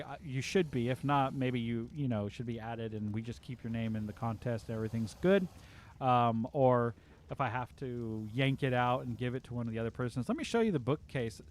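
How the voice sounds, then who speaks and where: A man hosting a casual live stream, talking through his game in a loose, rambling way. He leans on filler words and restarts as he reads chat aloud. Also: mid-range voice.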